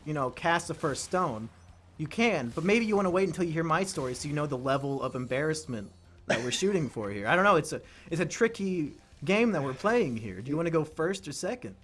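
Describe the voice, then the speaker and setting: A man with a high, bright voice chats casually with a friend during a video game. He tells stories with big swings of pitch, breaking into shouted impressions and laughter. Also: fairly quick. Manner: animated storyteller, bursts into shouted impressions and laughter. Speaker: let's play co-host. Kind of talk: casual chat while playing a game.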